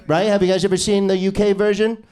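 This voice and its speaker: A man's voice: sits high, little pitch movement, quick pace, darkish tone. A male stand-up comedian doing an improvised set in a small comedy club, brash and crude, needling the crowd.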